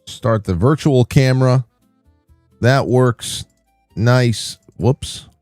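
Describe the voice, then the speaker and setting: A man hosting a livestream, telling a rambling, animated story in casual chat. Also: medium pitch, extremely slow, no echo, studio quality, soft background music. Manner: rambling, animated, many restarts. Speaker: livestream host.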